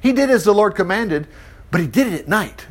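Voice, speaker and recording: A middle-aged man preaching, reading a Bible story aloud and breaking off with chuckling, animated commentary. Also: high voice, fairly quick. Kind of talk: Bible reading with lively asides.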